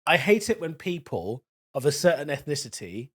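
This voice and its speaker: A young man speaking bluntly and frankly as a comedian on a casual podcast. His voice sits a little high. His pitch rises and falls a great deal. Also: very animated, normal speed, fairly bright tone, husky.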